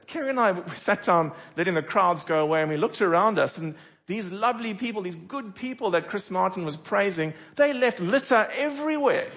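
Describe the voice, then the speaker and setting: A man's voice: sits high, fairly quick, dull audio. Middle-aged male pastor preaching animatedly. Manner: animated, with dramatic rhetorical questions. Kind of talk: sermon.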